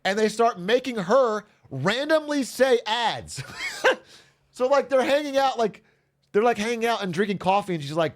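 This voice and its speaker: A man's voice: very high-pitched, normal speed. A man streaming to his chat, casually retelling an episode with lots of laughter and acted-out voices. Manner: animated storyteller, acts out characters, laughs often, swears.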